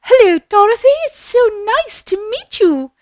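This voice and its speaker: A woman voicing a kind, gentle good witch in a children's story, with a sweet sing-song manner. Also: very high-pitched, sing-song, normal speed, no echo, voice pushed up.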